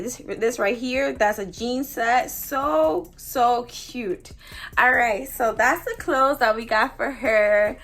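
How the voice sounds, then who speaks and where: High-voiced gushing woman unboxing a doll. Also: poor audio. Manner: gushing, excitable, repeats exclamations. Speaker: doll collector vlogger. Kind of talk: casual unboxing vlog.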